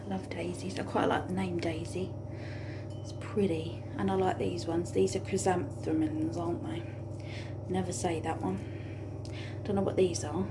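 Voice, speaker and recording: Woman vlogger, gravelly fry, rambling and blunt, noisy kitchen behind her. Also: lowish voice, flat delivery, moderate pace. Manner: chatty, rambling, blunt with occasional swearing. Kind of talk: casual home vlog chat. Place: home kitchen.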